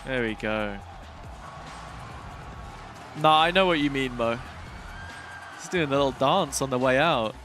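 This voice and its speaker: A man's voice: medium pitch, unhurried, pauses often, a bit bright, faint music behind. A man with a British accent hosting an esports watch party stream, chatting casually and reacting aloud to his viewers. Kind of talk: casual live-stream chat.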